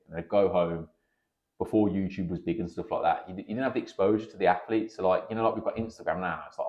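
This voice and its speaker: A deep, low-voiced man in his thirties, a kickboxer and coach, rattles quickly through stories as a casual podcast guest. He's an animated storyteller who swears freely and acts out what other people said. The audio sounds dull.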